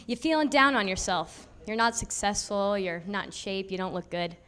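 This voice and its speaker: A woman's voice: medium pitch, animated, moderate pace, fairly bright tone, clean tone. A young woman from Indiana doing a stand-up comedy set on a club stage, chatty and self-deprecating, laughing between her lines. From Indiana, USA.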